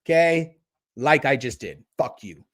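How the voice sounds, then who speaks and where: A man's voice: mid-range voice, expressive, measured pace. A man hosting a livestream, ranting and mocking chat commenters with a lot of swearing. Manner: profane, mocking, talks back to chat. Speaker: livestream host. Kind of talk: casual livestream rant.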